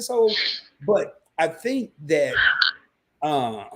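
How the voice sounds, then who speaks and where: Male co-host, husky, animated, slightly high voice. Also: normal speed. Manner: animated, jumps into a high excited voice when making a point. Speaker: podcast co-host. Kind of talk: casual podcast talk.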